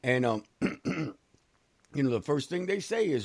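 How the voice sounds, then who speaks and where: A man co-hosts a casual radio chat, bluntly telling animated stories sprinkled with swearing. His voice is fairly high and unhurried, with no echo.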